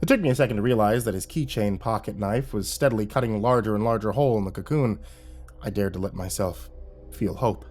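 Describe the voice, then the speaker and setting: A man narrating a horror story in a steady storytelling delivery. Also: lowish voice, fast, faint music behind.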